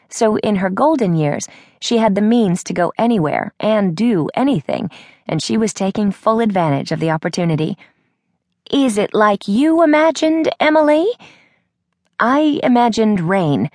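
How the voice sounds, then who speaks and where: Woman reading an audiobook, lowish voice, wry and dry, close and dead-dry sound. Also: darkish tone, dry recording. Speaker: audiobook narrator. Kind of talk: scripted first-person narration.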